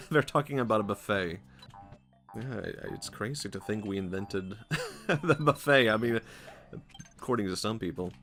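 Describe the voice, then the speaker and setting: Low, gravelly streamer. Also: male voice, moderate pace, a bit bright, soft background music. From Sweden. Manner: rambling, jokey, laughs often. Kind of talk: casual gaming stream commentary.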